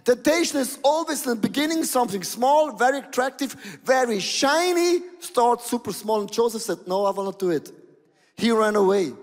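A male pastor preaching a sermon in an animated, exclaiming way, with non-native phrasing, in a large church hall. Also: extremely high pitch. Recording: long hall reverb.

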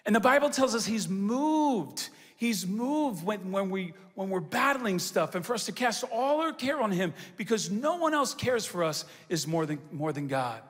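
Male pastor, high tenor, preaching style with repeated emphatic lines, live in a large reverberant church hall. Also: very animated, moderate pace, few pauses. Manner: call-and-response preaching, repetitive emphatic phrasing. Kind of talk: sermon.

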